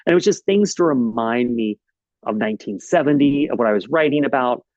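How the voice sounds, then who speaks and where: A man's voice: mid-range voice, a little fast, no echo. Chatty man telling a story, dull dry sound. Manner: lively storyteller, frequent "um" and "uh". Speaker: author giving a library talk. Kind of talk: casual presentation. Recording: slightly dull, dry recording.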